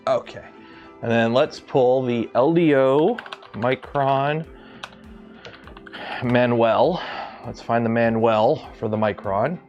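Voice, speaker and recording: A Canadian man hosts a casual maker livestream from his home workshop, rambling, joking, occasionally swearing, and talking to his machines as he builds. His mid-range voice is a little mellow, and he takes it slowly with long pauses, over dull audio with faint music behind.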